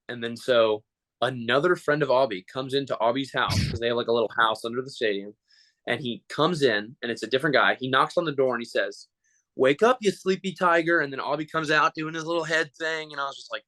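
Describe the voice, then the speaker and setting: A man who performs as a mascot, telling animated, joking stories in a casual interview. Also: medium pitch, no echo, rough recording.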